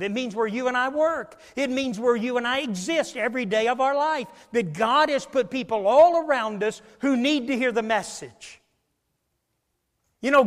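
A man preaching a sermon, swinging from loud declarations to hushed, near-whispered passages. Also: extremely high pitch. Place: church sanctuary. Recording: long hall reverb.

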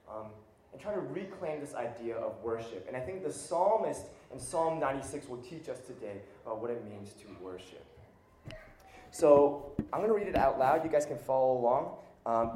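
Male pastor, sermon, warm mellow voice, conversational and questioning, roomy church echo. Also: on the high side, slight background noise. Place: church sanctuary.

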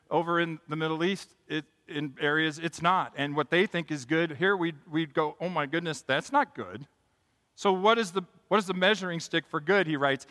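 Guy giving a sermon, bright fairly high voice, goes quiet then really ramps up, big church echo. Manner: builds from quiet reflection to impassioned emphasis. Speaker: pastor.

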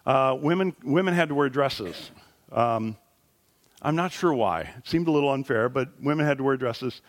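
A man preaching a sermon as a pastor in a church, animated and conversational, rising in pitch and volume at his high points. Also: moderate pace. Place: church sanctuary.

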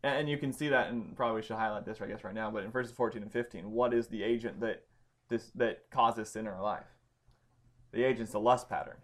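A man with a fairly low voice teaches a small study group. He talks informally, with plenty of ums and restarts, and stresses the important words. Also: fairly quick. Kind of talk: explaining Greek grammar to a study group.

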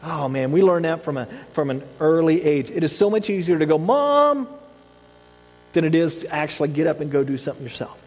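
Animated high-voiced man preaching in a reverberant hall. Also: fast, few pauses. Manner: animated storytelling, acts out voices of his son. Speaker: pastor. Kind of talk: sermon.

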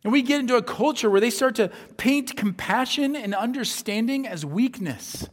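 A man's voice: extremely high pitch, expressive, normal speed. A man from the upper Midwest preaching a sermon. He talks in a conversational way, with rhetorical asides, and acts out the voices he quotes. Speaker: pastor. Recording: long hall reverb.

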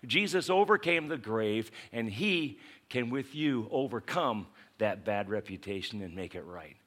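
A pastor preaching a sermon, telling a Bible story in a lively way and acting out the characters. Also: male voice, fairly low pitch, measured pace.

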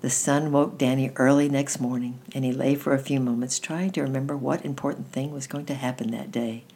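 A woman reading a children's chapter book aloud at storytime, steady and gentle with occasional slips. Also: a bass voice, fairly quick, husky. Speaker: storytime reader.

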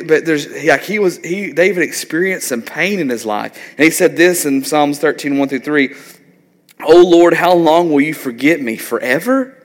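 A man's voice: mid-range voice, a bit bright, long reverb tail. A man in his thirties preaching a sermon in a loose, conversational way, often tagging on "like" and "right?". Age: 30s. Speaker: pastor.

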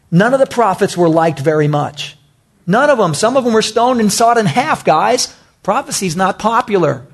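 A man's voice: sits high, slightly rough. A man preaching a sermon, emphatic and repetitive, talking directly to his congregation. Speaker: pastor.

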